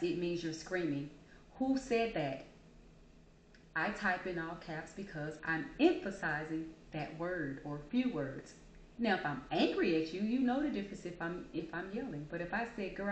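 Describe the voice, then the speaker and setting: Woman vlog host, low voice, emphatic and opinionated, echoey room with faint noise. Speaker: vlogger host. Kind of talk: casual opinion monologue vlog.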